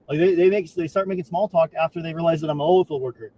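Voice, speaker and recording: Excitable high-voiced man streaming outdoors. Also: quick pace, a little hiss or hum. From California. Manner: chatty, excitable, swears, coaxes his dog. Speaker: live-stream host. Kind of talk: casual live-stream vlog.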